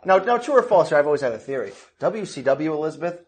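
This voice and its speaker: A man's voice: on the high side, sing-song, quick pace, husky. A man hosting an interview, asking questions in a jokey, enthusiastic way. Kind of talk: casual interview.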